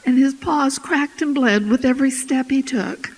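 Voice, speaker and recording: High, raspy female storyteller. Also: normal speed. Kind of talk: tandem folktale telling. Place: festival stage. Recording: echoey hall.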